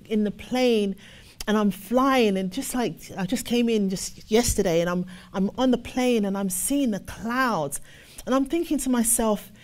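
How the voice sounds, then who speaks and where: A woman preaching and reading scripture slowly and solemnly, expressive and acting out other people's replies. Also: a little high. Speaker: ministry officer.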